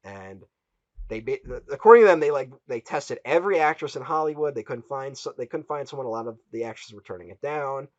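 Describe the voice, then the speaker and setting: A man's voice: medium pitch, animated, a little fast, no room sound, dull audio. A man hosting a casual film podcast, retelling a story with quotes he acts out. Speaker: podcast host.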